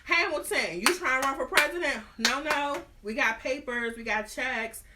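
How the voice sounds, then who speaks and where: A woman's voice: high voice, normal speed, recorded from a distance, heavy background noise, voice pushed up, natural voice. A woman voicing a group of nosy blackmailers who taunt in a sassy way.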